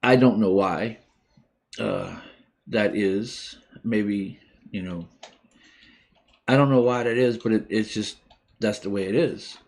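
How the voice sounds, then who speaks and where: A man in his forties from the United States, hosting a live stream and speaking openly and emotionally about his own life, with many pauses and restarts. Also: on the low side, big pitch swings, creaky, darkish tone. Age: 40s. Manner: halting and heartfelt, many restarts. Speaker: livestream host. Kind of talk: emotional personal talk.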